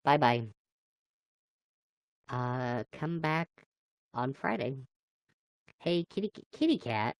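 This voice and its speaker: A woman's voice: very deep voice, expressive, slow pace, vocal fry, pauses often, no room sound. A woman livestreamer chatting casually and playfully with her viewers, greeting them by name. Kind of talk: casual live chat with viewers.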